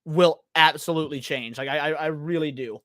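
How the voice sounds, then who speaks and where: High-voiced man hosting, stammering. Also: a little fast, bright, forceful tone, no echo, studio quality. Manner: stammering, repeats words when starting. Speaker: stream host. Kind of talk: casual panel chat.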